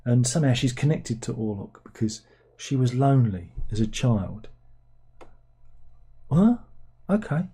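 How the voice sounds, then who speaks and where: A man's voice: mid-range voice, sing-song, a little slow, pauses often, warm tone, breathy edge. A man hosting a casual livestream, ranting sarcastically and rambling about films. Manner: sarcastic, rambling, mocks with put-on plummy voices. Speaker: livestream host. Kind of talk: casual film rant.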